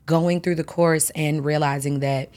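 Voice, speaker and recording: A woman hosting a podcast, chatting casually with features, telling stories in an animated way and acting out what people say. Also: low voice, unhurried. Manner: animated storytelling, acts out quotes, laughs often. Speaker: podcast host. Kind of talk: casual chat.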